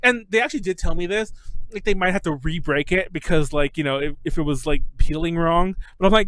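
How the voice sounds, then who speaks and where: A man hosting a podcast, telling a story in casual chat, animated and swearing often. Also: a little high, quick pace. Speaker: podcast host.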